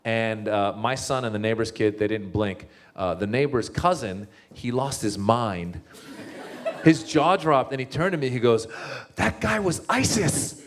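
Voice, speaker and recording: A man, a comedian and author, giving a comic talk to a live audience as an animated storyteller with many restarts. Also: lowish voice, a little slow, background noise.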